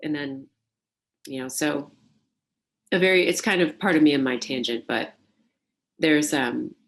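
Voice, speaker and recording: A woman, a burlesque performer, recalling her life in an oral history interview, animated and laughing, with many fillers. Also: low voice, measured pace. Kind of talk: reflective interview storytelling.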